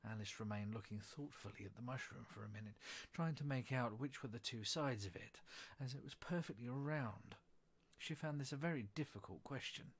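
Male narrator, husky, measured storybook reading. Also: medium pitch. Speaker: reader.

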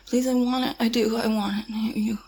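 Woman doing a scared young woman begging at gunpoint, high voice, stammery, whispery then teary. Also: level tone, a little fast, dark tone, slightly rough. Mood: pleading, tearful.

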